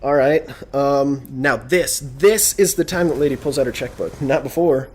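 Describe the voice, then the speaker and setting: A man's voice: mid-range voice, moderate pace, darkish tone, breathy edge. A young man vlogging a casual, sarcastic, rambling rant about an annoying shopper. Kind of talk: casual ranting vlog.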